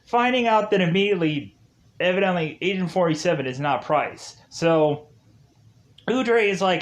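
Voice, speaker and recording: A man with a slightly high voice recaps a video game's story loosely. His talk rambles and is thick with "like" fillers and restarts. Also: lively intonation, normal speed. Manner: rambling, heavy use of "like" fillers. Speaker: game reviewer. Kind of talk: casual game recap.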